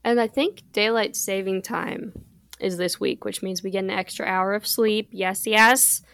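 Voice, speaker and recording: A teenage girl co-hosting a podcast, chatting in a relaxed way and laughing often. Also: mid-range voice, measured pace, no room sound. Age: teens. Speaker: podcast co-host. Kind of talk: casual chat.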